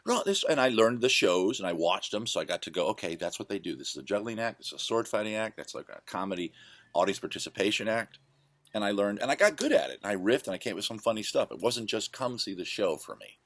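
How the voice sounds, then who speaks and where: A man's voice: fairly low pitch, animated, fast talker, fairly bright tone, no room sound. A man hosting his own show, casually telling rambling, self-correcting stories from his past. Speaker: host. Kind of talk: casual storytelling monologue.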